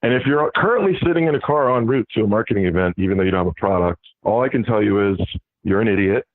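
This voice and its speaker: A man's voice: fairly low pitch, animated, fast talker, no room sound. A man, a podcast guest, telling a story with self-mocking humor. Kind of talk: casual storytelling. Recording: dry tinny phone line.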